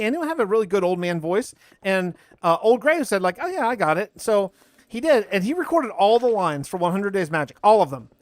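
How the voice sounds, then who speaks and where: Rambling high-voiced male streamer. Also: no room sound. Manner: rambling, talks over gameplay and answers chat. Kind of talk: casual live-stream chat.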